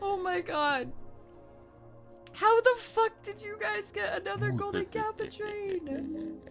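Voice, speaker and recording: Woman streamer with a bright, sharp voice and faint music behind her, chatting casually, swearing freely, quick to shout. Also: extremely high pitch. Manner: excitable, swears a lot, swings between shouting and mumbling. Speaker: livestreamer. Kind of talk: casual livestream chat.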